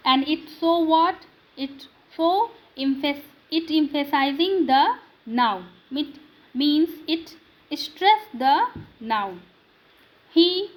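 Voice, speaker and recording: Woman grammar teacher, non-native English; high, measured delivery that asks then answers its own questions. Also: poor audio. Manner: slow, drilling questions and answers to students. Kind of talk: classroom grammar lesson.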